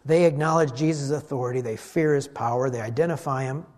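A man's voice: mid-range voice, a little fast. A man preaching a sermon to a congregation, acting out the voices in the story as he goes. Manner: animated, acts out the voices in the story. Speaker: pastor.

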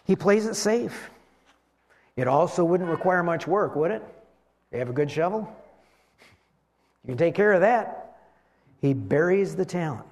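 A man's voice: high-pitched, lively intonation, a little slow, pauses often. A man preaching a sermon in a conversational way, with rhetorical questions and frequent restarts. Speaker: pastor.

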